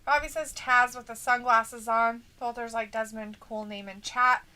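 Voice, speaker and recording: A woman's voice: a little high, steady tone, normal speed, sharp tone. A woman co-hosting a wrestling watch-along, reading viewer comments aloud in a playful, teasing way.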